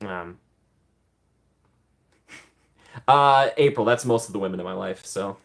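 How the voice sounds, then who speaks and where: A man's voice: on the low side, animated, a little slow, vocal fry, pauses often. A man hosting a casual livestream, reading viewer questions aloud and chatting back with frequent laughs and ums. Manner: chatty, laughs often, many ums, reads chat aloud. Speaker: livestream host answering chat. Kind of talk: casual live Q&A chat.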